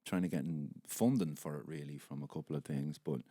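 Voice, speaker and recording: A man's voice: rumbling low, a little fast, dark tone, husky, dry recording, clean studio sound. A middle-aged Irish man chatting as a podcast guest, laughing easily and swearing. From Ireland. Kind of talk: casual chat.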